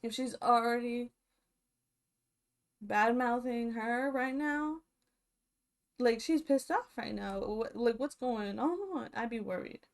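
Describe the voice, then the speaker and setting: A young woman giving casual, animated commentary as a reality show vlogger, chatty and full of fillers. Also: fairly high pitch, slow pace, long pauses.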